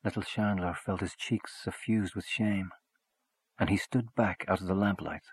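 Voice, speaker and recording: A man with a fairly low, husky voice narrates a short story. His reading is measured and expressive. The recording is dry and close. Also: no echo.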